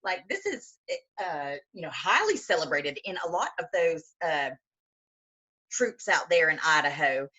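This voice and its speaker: A woman's voice: deep voice, big pitch swings, unhurried, sharp tone, rough recording. A woman co-hosting a podcast, talking in a blunt, heated way with heavy swearing. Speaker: podcast co-host. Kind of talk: casual conversation.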